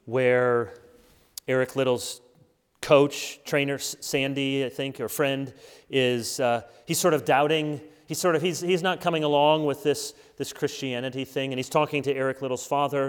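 A man preaching a sermon to a congregation in a church, earnest and emphatic, slowing down to stress key words. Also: mid-range voice, steady tone, clear, resonant tone, in a large hall.

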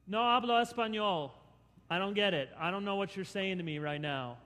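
A male pastor preaching a sermon, dramatically acting out scenes and swinging between loud and hushed. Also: high voice, a little fast, long reverb tail.

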